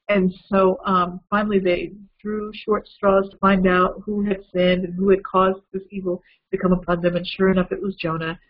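A man preaching a lively, conversational Bible lesson, retelling a story with asides to his listeners. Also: high-pitched, normal speed, dull audio. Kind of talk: storytelling sermon.

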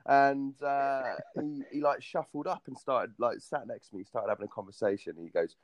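A young English man in casual chat, telling a travel story with lively acted-out quotes. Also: medium pitch, a little fast, no room sound. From Britain.

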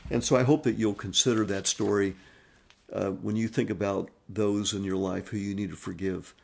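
A man's voice: lowish voice, fairly even intonation, normal speed, gravelly. A man hosting a podcast, telling a story in a rambling monologue full of fillers and restarts. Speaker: podcast host.

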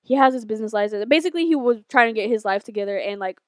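A woman's voice: a little high, lively intonation, rapid-fire, dry recording, studio quality. A young woman co-hosting a podcast, telling a long rambling story in casual, profane chat. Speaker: podcast co-host.

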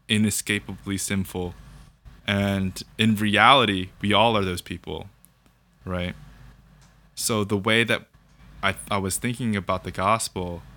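A young man calmly sharing his faith story in conversation, thinking aloud and often checking in with "right?". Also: fairly low pitch. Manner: reflective, thinks aloud with fillers and repeated "right?". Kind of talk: casual conversation about faith.

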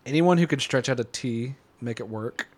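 A man chatting casually while watching a film, animated and laughing as he explains scenes. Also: medium pitch, normal speed. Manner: animated, laughing, quoting lines. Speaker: movie watch-along commentator. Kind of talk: casual chat over a film.

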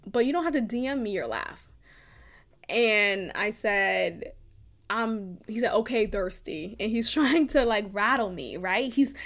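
A young adult woman hosting a podcast, talking candidly in a casual monologue, laughing often and swearing freely. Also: medium pitch. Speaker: podcast host.

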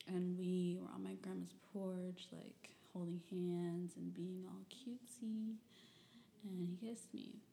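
A woman's voice: on the low side, little pitch movement, measured pace, gravelly, dark tone, roomy sound, slight background noise. A young woman from Michigan telling personal stories and reading old diary entries in a rambling, candid way, full of fillers and the odd curse. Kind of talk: personal storytelling.

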